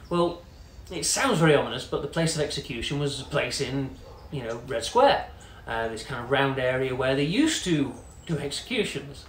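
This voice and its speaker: A man's voice: medium pitch, sing-song, moderate pace. A man telling a long story in a chatty, casual way, full of "you know" fillers and quoted voices. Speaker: company CEO telling a story. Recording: echoey room with faint noise.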